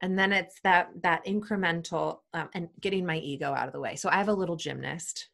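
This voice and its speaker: A woman in her thirties giving animated interview answers and acting out what parents say to their kids. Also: brisk, gravelly. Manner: animated, acts out parents' voices in higher tones. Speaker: guest, sports psychology expert.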